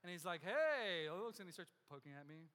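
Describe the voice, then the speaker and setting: A man's voice: high voice, big pitch swings, a little fast, fairly bright tone. A man preaching, telling a personal story with self-mocking humor and acting out the other people in it. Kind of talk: sermon storytelling. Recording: long hall reverb.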